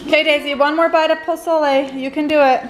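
A woman's voice: sits high, steady tone, fast talker, echoey room, background noise. A young woman vlogging casually at home, chatty and giggly, with lots of filler words. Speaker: family vlogger. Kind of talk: casual family vlog. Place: busy family home with children.

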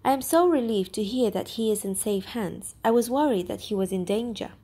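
Give me a mellow, earnest old gentleman from a storybook, read aloud by a woman. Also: mid-range voice, brisk, slightly rough.

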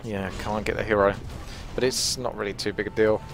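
Male gaming host, relaxed play-by-play narration with a joking edge, soft background music. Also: lowish voice, a little fast. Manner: chatty, self-mocking, talks to teammates. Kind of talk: live gameplay commentary.

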